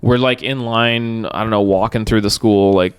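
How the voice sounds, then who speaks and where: A man's voice: lowish voice, fairly even intonation, moderate pace, clear, resonant tone. Young man, loose profane podcast banter. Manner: loose, profane, laughs often. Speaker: podcast co-host. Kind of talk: casual chat.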